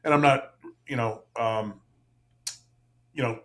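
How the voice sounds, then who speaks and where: A man's voice: medium pitch, fairly even intonation, takes it slowly. A man in his fifties, a retired cop, reflecting frankly in casual podcast chat and swearing now and then. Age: 50s. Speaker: podcast guest, retired police officer.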